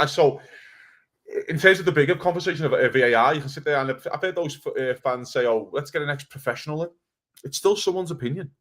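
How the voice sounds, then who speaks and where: Fast-talking heated man ranting. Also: mid-range voice. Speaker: podcast co-host. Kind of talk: casual football chat.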